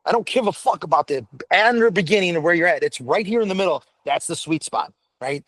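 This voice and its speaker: High-pitched, animated and brisk, this man's slightly bright voice comes through with no room sound. An American firefighter paramedic guesting on a casual podcast interview, he is blunt and profane and rambles with frequent restarts.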